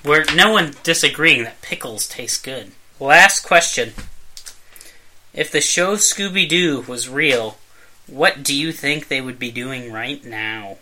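A man's voice: mid-range voice, slow pace, sharp tone, slight background noise. A man co-hosting a comedy podcast, dry and teasing as he reads out listener questions and pokes at answers. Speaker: podcast co-host. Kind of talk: casual comedic banter.

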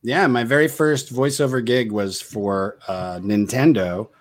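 A man's voice: medium pitch, measured pace. A man with a dry, joking manner, chatting casually on a podcast as a guest who does voice work. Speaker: voice actor guest.

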